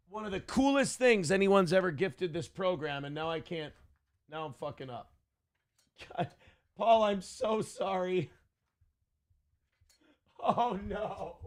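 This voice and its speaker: High-voiced, profane male show host. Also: creaky, smooth, no echo, studio quality. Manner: profane, rambling, self-deprecating. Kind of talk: live-stream talk show, reading donations.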